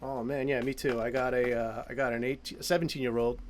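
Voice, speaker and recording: A man's voice: mid-range voice, flat delivery, slight background noise. A man in his forties hosting an interview in an enthusiastic, easygoing way, talking over a video call. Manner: enthusiastic, easygoing, quick to react. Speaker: podcast host, interviewer. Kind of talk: casual interview chat.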